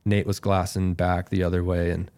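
Man, podcast guest, deep voice, calm, laid-back storytelling. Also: normal speed. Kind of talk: casual storytelling.

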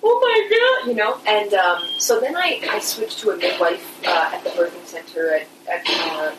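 A woman telling her own birth story in a casual, animated way, laughing often. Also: on the low side, moderate pace. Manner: animated, chatty, laughs often, many fillers. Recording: echoey room, mic at a distance, noisy background.

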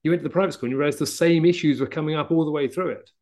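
A man's voice: on the high side, racing, darkish tone. A man hosting an interview podcast, affirming his guest and summing up points with rhetorical tag questions. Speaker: podcast host. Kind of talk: casual interview chat.

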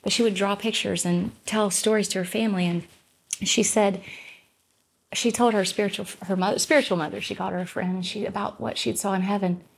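A woman's voice: mid-range voice, steady tone, fairly quick, creaky, breathy edge. A middle-aged woman, a gospel singer guesting on a podcast, telling a personal story in an earnest, rambling way with many restarts. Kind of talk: casual storytelling in conversation.

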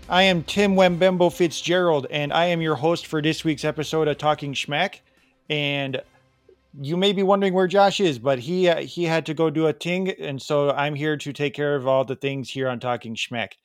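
Midwestern man doing a bad British host impression, pitched up, chirpy, dry studio sound. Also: moderate pace, no room sound, soft background music, close to an everyday voice. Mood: chipper. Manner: clumsy fake accent, stumbling improv. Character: put-on bumbling British male host.

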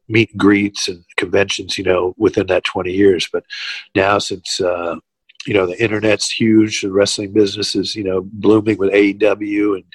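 A man's voice: lowish voice, husky, no echo, poor audio. Older man rambling through wrestling stories. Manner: rambling, many fillers and restarts. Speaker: former pro wrestler, guest. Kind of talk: casual interview storytelling.

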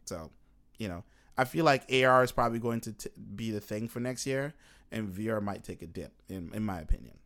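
A man's voice: fairly low pitch, fairly quick, a bit bright. A man hosting a casual podcast chat, easygoing and asking questions.

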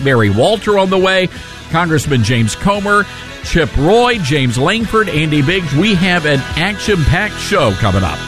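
A man's voice: fairly high pitch, very animated, unhurried, soft background music. A man hosting a talk radio show from a studio, chatting in an upbeat, friendly way.

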